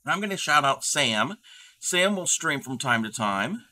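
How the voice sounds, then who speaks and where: A man with a very bright, forward voice hosts a relaxed crafting livestream. He rambles easily between topics, reading his chat aloud and answering as he goes. His pitch sits in an ordinary middle range. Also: measured pace. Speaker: livestream host.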